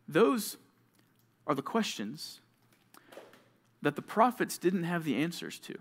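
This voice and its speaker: A young man preaching to junior high students, telling stories and acting out short scenes, with sudden swings from loud to hushed. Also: very animated, takes it slowly, pauses often. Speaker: youth pastor. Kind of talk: youth sermon.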